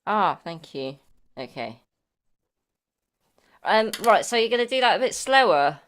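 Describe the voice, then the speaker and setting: Woman host of a music jam, chatty questioner with a lively, varied pitch. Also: measured pace, slight background noise. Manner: chatty, asking lots of questions. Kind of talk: casual chat at an online music jam.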